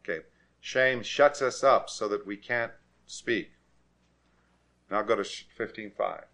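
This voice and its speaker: A man preaching a sermon and directing a congregation through scripture, growing forceful and repetitive when he presses a point. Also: fairly low pitch, a little slow. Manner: emphatic, rises to forceful repetition.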